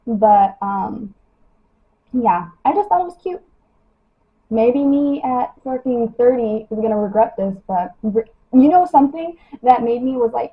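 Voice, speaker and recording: A woman's voice: fairly high pitch, unhurried, husky. Chatty young woman on a lo-fi livestream. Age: young adult. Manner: chatty, lots of "like" and "you know". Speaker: model livestreaming her skincare routine. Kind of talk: casual livestream chat. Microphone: phone.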